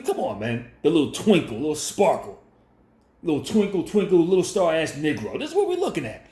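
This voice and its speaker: Man vlogger, raised-pitch confrontational rant, echoey room sound. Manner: confrontational, preachy, repetitive. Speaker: commentary vlogger. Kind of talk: ranting monologue commentary.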